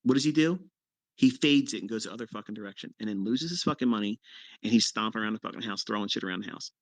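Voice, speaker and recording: Man, fifties, mentor telling a story: blunt, swears freely, punches lines with sharp pitch jumps; dry, close sound. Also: quick pace, no echo. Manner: blunt and profane, with sudden emphatic jumps in pitch. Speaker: trading mentor. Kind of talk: casual storytelling on a live audio chat.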